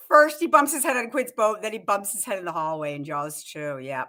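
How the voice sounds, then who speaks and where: A woman hosting a casual live chat show, excitable, laughing often and quoting movie lines. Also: medium pitch, a little fast, hardly any pauses. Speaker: show host.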